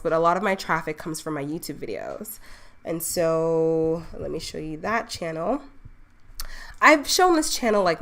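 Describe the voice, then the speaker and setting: A woman's voice: on the low side, a bit bright. A young woman from the Bahamas, an online business owner, hosting a casual live stream and talking her viewers through her plans. She chats easily, keeps checking in with "okay?" and laughs at herself.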